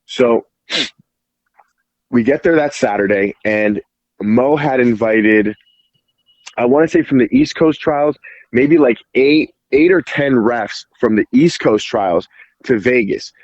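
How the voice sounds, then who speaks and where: A man guesting on a podcast, telling an animated story in casual speech full of "like" fillers and casual swearing. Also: medium pitch, takes it slowly, long pauses, no room sound, muffled recording. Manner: animated, heavy "like" fillers, acts out quoted dialogue, swears casually. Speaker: podcast guest, jiu-jitsu referee.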